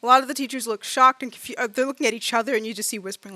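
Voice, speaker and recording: A woman narrating as game master, chatting loosely with lots of fillers and acting out quick bits of her characters. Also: fairly high pitch, pushed and bright. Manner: chatty, many fillers, acts out side characters.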